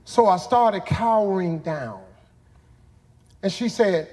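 A man's voice: high-pitched, expressive, moderate pace, mellow, long reverb tail. A man in his sixties hosting a show, telling a childhood story in a folksy, drawling way that builds to punchlines. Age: 60s. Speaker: host. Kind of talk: motivational storytelling.

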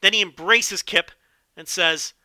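Animated, bright-voiced podcast host. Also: male voice, high-pitched, a little slow, no echo, clean studio sound. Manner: animated, profane, joking. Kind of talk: solo wrestling podcast commentary.

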